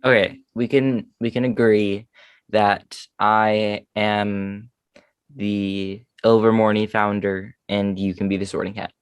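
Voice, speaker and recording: A man's voice: fairly low pitch, slow pace, clear, resonant tone, no room sound. A man from the United States co-hosting a fan show, chatting casually and joking about himself. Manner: self-deprecating, animated, lots of fillers. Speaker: podcast co-host. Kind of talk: casual chat.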